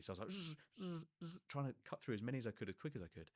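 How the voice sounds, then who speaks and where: A young man on a podcast, telling self-mocking work stories in a casual, animated way and swearing freely. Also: very fast, no room sound, clean studio sound. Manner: acts out quoted people with pitch jumps. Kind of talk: casual comic storytelling.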